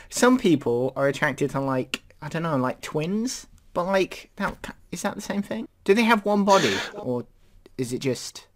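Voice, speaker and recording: A man's voice: on the high side, animated, measured pace. A man hosting a podcast in casual chat, rambling and hesitant with lots of fillers. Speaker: podcast host.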